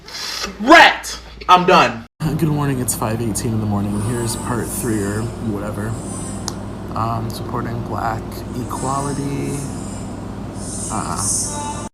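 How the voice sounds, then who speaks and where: A man's voice: mid-range voice, a little slow, pauses often, over loud music. A tired man who is feeling unwell delivers an emphatic, exasperated commentary over a screen recording. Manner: emphatic, exasperated, rising to heated outbursts. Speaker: content creator.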